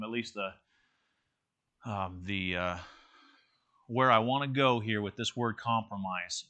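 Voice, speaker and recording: Bright-voiced man teaching a church class. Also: medium pitch. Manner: conversational, many fillers and restarts. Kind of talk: interactive church lesson.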